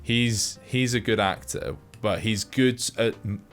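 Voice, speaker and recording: A man co-hosting a podcast, chatting casually about films in a rambling, halting way with many restarts. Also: on the low side, fairly bright tone, faint music behind. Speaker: podcast co-host. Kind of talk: casual film review chat.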